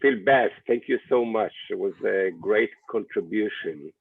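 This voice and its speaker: A man taking part in an online class over a video call, speaking haltingly. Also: on the low side, vocal fry, husky. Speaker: class participant. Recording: tinny phone-like call audio.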